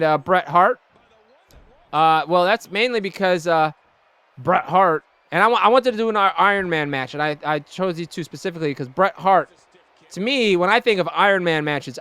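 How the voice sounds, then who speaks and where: A man's voice: a little high, a bit bright, smooth, no echo. A young man hosting a wrestling video game series, giving rambling, jokey play-by-play commentary. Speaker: let's play host.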